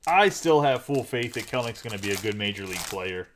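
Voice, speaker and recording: A man's voice: fairly low pitch, expressive, fairly bright tone, a little hiss or hum. Chatty man hosting a card break. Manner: chatty, rattles off names quickly. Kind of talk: casual live card-break commentary.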